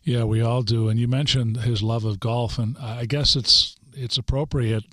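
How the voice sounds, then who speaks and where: A man hosts a podcast and asks his guest earnest, admiring questions. His voice sits at a middle pitch. The sound is dry and close, with no room echo. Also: fairly even intonation, moderate pace, pushed and bright. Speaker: podcast host. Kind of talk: interview questions.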